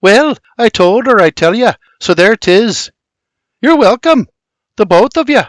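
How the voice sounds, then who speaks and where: A man's voice: high voice, big pitch swings, measured pace, fairly bright tone, no room sound, studio quality, voice pushed up, exaggerated voice. A man doing a sarcastic teasing little sister. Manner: bossy, needling, sarcastic.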